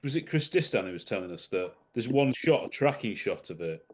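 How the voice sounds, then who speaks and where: A man's voice: fairly low pitch, big pitch swings, a little fast, a little mellow. A man on a podcast panel chatting enthusiastically about a film, and he laughs often. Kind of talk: casual film discussion.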